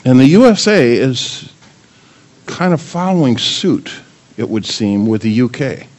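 An older man, a pastor, preaches a sermon in an unhurried, medium-pitched voice. He's animated, firing many rhetorical questions at the congregation, and jokes with his grandchildren.

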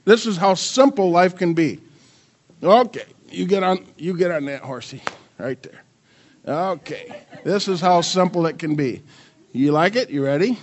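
There's slight background noise as an older male pastor preaches, his voice sitting high and his pace a little slow. He animatedly asks the congregation rhetorical questions, keeps questioning the audience, and jokes with his grandchildren.

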